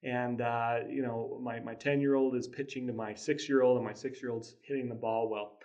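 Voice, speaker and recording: A man's voice: mid-range voice, fairly even intonation, normal speed, a little mellow, muffled recording. Earnest man telling a parenting story. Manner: earnest storytelling with chuckles and frequent restarts. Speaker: podcast host, father. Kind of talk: casual motivational talk.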